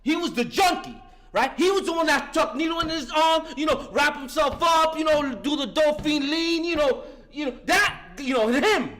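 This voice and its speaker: A man sharing his recovery story at an alumni meeting, emphatic and profane, full of slang and restarts, sometimes shouting. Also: very high voice, expressive, moderate pace. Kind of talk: personal recovery testimony.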